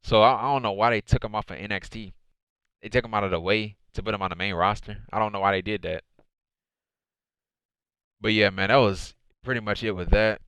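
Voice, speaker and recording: A man's voice: lowish voice, sharp tone, smooth, dry recording. A man hosting his own wrestling review show, recapping the episode in a casual, rambling way, repeating phrases and often saying "man" and "dude".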